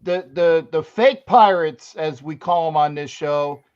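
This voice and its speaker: A man co-hosting a casual sports talk show, jokey and loud, breaking into shouts. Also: fairly high pitch, measured pace, smooth. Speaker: podcast co-host. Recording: dull lo-fi audio.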